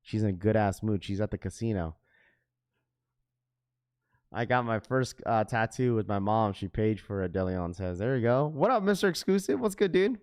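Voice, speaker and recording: A man's voice: on the low side, expressive, moderate pace, a little mellow. A man hosting a sneaker livestream, talking casually to chat in heavy slang. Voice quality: slangy, says "bro" often.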